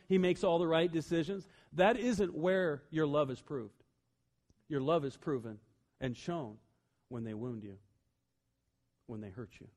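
A pastor with a slightly high voice preaches a sermon full of funny personal anecdotes. He swings between loud emphasis and quiet, earnest asides.

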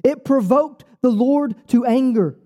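A man preaching a sermon, telling stories with quoted dialogue in a casual, lively way. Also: very high-pitched, a little slow. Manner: animated storytelling with quoted dialogue; casual, says "bro" and "like". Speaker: pastor.

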